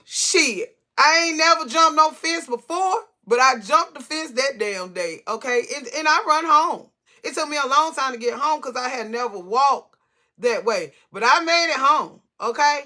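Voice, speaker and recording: A woman's voice: high voice, lively intonation, normal speed, sharp tone. A woman telling a personal story to camera in a casual, rambling way, cursing freely and often restarting her sentences. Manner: rambling, profane, many restarts.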